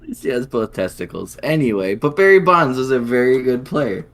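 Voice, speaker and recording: A man's voice: medium pitch, sing-song, fairly quick. A man co-hosting a podcast who chats casually, cracks dry jokes and reels off statistics. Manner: dry, jokey, reels off stats. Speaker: podcast co-host. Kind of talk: casual chat about baseball.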